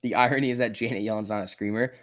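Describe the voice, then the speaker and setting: A man's voice: on the low side, rapid-fire. Casual man streaming live stock trades. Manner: casual, swings from mutters to excited outbursts. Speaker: stock trading livestream host. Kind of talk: live trading commentary reading chat.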